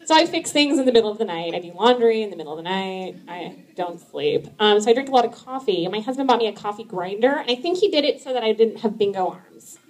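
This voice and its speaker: A woman in her thirties doing a stand-up comedy set, chatty and laughing often, with many likes and ums, jumping high when she quotes herself. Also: animated, fast talker, few pauses.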